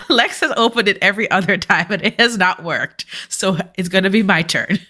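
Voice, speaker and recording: A woman's voice: mid-range voice, expressive, moderate pace, pushed and bright. A woman co-hosting a podcast, recapping a reality show in blunt, sarcastic, casual chat and swearing freely. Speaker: podcast co-host.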